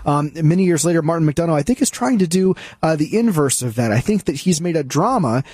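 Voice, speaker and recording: A man's voice: on the high side, animated, brisk, darkish tone, breathy edge, no room sound, studio quality. A man co-hosting a casual movie review discussion, opinionated and conversational, with frequent fillers and restarts. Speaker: film critic co-host.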